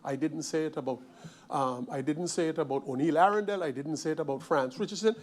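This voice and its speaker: A man from Sint Maarten delivers a parliamentary speech in a high-pitched voice. He hammers his points home, repeating phrases and firing off rhetorical questions in the chamber. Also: brisk. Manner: emphatic, repetitive, forceful rhetorical questions. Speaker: member of parliament.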